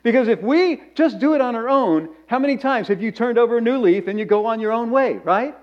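A man's voice: very high-pitched, lively intonation, fairly quick, muffled recording. A pastor preaching a sermon in a conversational way, often restarting phrases and tossing in asides to his congregation.

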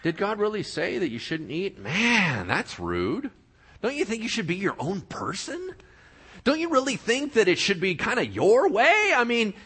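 Man doing a sneering devil, smug, scheming, wheedling, bright, lively. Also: medium pitch, breathy edge, heavily acted. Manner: sneering, wheedling, fast-talking.

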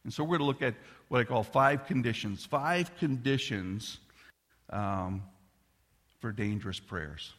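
Bright-voiced man preaching in a hall. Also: medium pitch, a little slow. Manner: animated storyteller who addresses the congregation. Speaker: pastor. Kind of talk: sermon. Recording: long reverb of a large hall.

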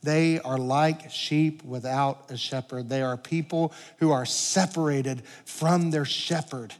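A man's voice: a little high, fairly even intonation, takes it slowly. Earnest preaching pastor, man, hall reverb. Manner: earnest preaching, swells louder then drops to quiet emphasis. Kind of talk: sermon. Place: church sanctuary. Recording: long reverb of a large hall.

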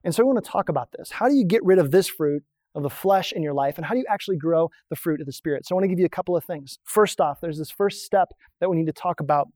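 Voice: mid-range voice, quick pace, few pauses, dark tone, dry recording, studio quality. A pastor giving a conversational sermon, explaining points on a drawn diagram and asking the listeners rhetorical questions.

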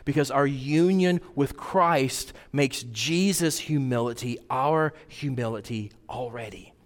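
A man preaching a sermon, earnest, swinging from loud emphasis to hushed intensity. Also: medium pitch, slow, long reverb tail. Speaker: pastor.

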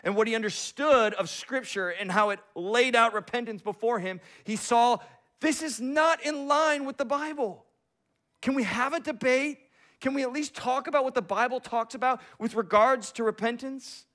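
Male preacher, higher voice, dramatic storytelling sermon, swings from loud to hushed. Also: normal speed. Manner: storytelling with acted-out quotes and big swings in loudness.

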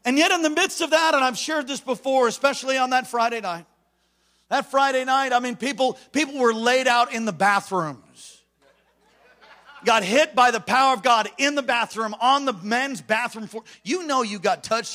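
A man preaching a revival sermon in a church, telling stories that swing from hushed asides to shouted calls. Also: very high voice, moderate pace. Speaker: pastor. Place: church sanctuary.

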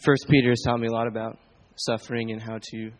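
A man's voice: mid-range voice, flat delivery, fast talker, rough recording. A young man, a student, sharing a casual, hesitant testimony in a church group. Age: young adult. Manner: hesitant, many restarts.

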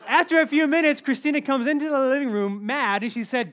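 A man in his thirties preaching a sermon, telling funny stories in an animated, joking way. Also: very high voice, fast, few pauses. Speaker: pastor.

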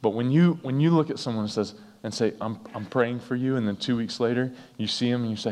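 A man's voice: medium pitch, fast talker, hardly any pauses, darkish tone. A man preaching a sermon to his church, earnest and emphatic, repeating phrases for effect. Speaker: pastor. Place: church sanctuary. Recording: reverberant church hall.

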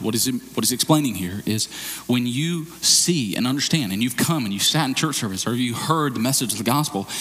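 A pastor preaching a sermon explains a scripture passage and acts out bits of dialogue in a raised, excited voice. He is animated, and his voice is mid-range.

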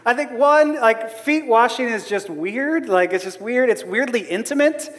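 A man's voice: extremely high pitch, animated, normal speed, fairly bright tone. A man preaching a sermon in a humorous, self-deprecating way, laughing often. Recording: long hall reverb.

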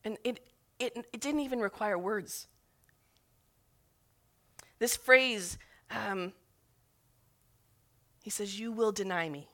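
She takes her sermon slowly, pausing often, her medium-pitched voice bright and forceful. Retelling scripture and her own memories, she speaks with earnest emotion that swells on each appeal.

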